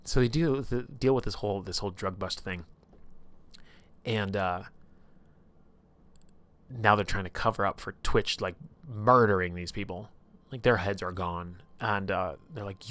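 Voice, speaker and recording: A man with a somewhat low voice tells the story of a tabletop campaign to his stream audience. He rambles in a casual, animated way, full of fillers and the odd swear word. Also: unhurried, long pauses.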